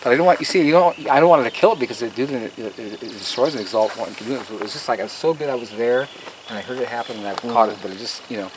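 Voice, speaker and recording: A man's voice: medium pitch, rapid-fire. A man giving an outdoor tour of his garden, telling stories in an earnest, emphatic way with preacher-like asides. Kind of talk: casual storytelling while giving a tour. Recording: outdoor noise on a field recording.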